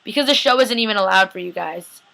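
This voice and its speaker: This young TV recap vlogger talks fast in a medium-pitched voice that's gravelly, bright and forceful. She casually runs through an episode, gushing and chatty, acting out characters' lines in snippets of voices.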